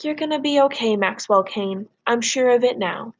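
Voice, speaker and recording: A kindly middle-aged school principal from a storybook, speaking gently and reassuringly, as a woman reading aloud puts her on. Her voice is a touch higher than plain speech and a little louder. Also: normal speed.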